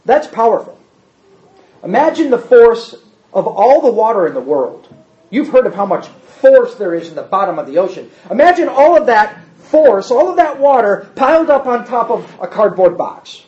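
A man's voice: extremely high pitch, very animated, moderate pace, darkish tone, highs cut off. A man teaching a Bible class, explaining carefully, repeating key points and adding wry asides.

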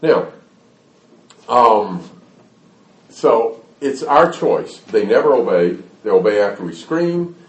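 Low-voiced man with a lively folksy delivery. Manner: folksy, explains with acted-out scenes. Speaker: speaker on parenting. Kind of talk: talk to an audience. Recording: echoey hall, mic at a distance.

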